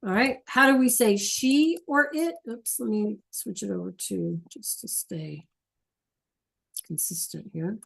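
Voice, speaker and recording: A woman's voice: medium pitch, creaky, slightly rough. A woman teaching a language class, patiently explaining and checking in with her students often. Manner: repeats key points slowly. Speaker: Spanish teacher. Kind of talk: classroom lesson.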